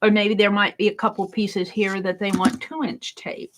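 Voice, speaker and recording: A woman's voice: mid-range voice, level tone, normal speed, slight background noise. An older woman chatting casually while she crafts, rambling and giggling and talking to herself. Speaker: craft vlogger.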